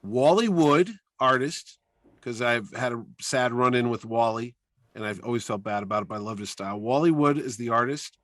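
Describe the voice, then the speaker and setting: A man telling anecdotes as a guest in a casual interview, talking through long stories with animated energy. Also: mid-range voice, normal speed, no room sound, studio quality. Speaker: comic convention organizer, podcast guest; weekly radio show host.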